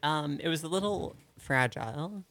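A man co-hosting a radio show in a studio, talking casually and thoughtfully, pausing often with ums. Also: on the high side, animated, creaky, fairly bright tone, no room sound. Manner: hesitant, many ums, thoughtful. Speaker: radio co-host.

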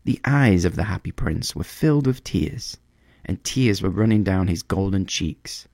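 Man reading a fairy tale, real deep voice, lots of up and down, dry sound. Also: creaky, no room sound. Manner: expressive and measured. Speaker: storyteller. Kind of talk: storybook reading.

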